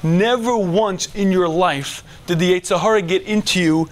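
A middle-aged man giving a religious lecture to men, animated, dropping to a hush and then shouting as he acts out inner voices. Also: high-pitched, moderate pace. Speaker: religious teacher. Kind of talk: lecture to a men's audience.

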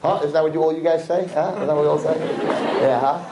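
A man, a rabbi telling a story to a live audience in an animated sermon, acting out the people in it. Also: fast talker, reverberant, over a noisy crowd, heavy background noise. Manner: animated storyteller acting out quotes, swinging loud and high. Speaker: rabbi giving a talk to young people.

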